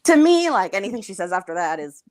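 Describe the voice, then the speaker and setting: A woman's voice: medium pitch, very animated, fast talker, a little mellow, dry recording, clean studio sound. A woman in casual chat, telling a gossipy story with lots of laughter and acted-out quotes.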